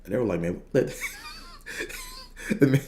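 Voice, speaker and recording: A man's voice: on the low side, animated, rapid-fire, warm tone, slight background noise. A young man hosting a podcast, telling a long personal story in a laid-back, rambling way full of slang and fillers. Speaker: podcast host. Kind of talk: casual storytelling.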